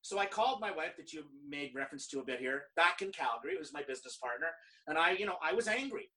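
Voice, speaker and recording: Man, middle-aged, from canada, bright tense tone, lively storyteller quoting others. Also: on the high side, quick pace, recorded from a distance, rough recording. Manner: animated, quotes others in lively dialogue. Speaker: guest speaker. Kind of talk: conversational storytelling.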